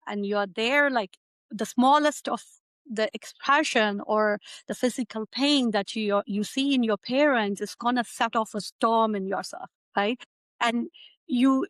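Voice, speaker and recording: A woman's voice: fairly high pitch, a bit bright, no echo. A middle-aged woman from India, a physician, answering interview questions in a conversational way, often tagging "right?" onto her sentences. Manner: conversational, frequent "like" and "right?" tags.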